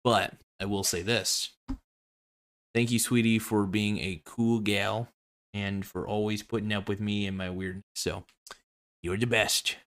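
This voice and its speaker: A man with a fairly low voice hosts his own show and signs off in a loose, rambling way. He is goofy and self-mocking and jumps from one topic to the next. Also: flat delivery, measured pace, fairly bright tone. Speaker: host of an online show. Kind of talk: rambling casual sign-off.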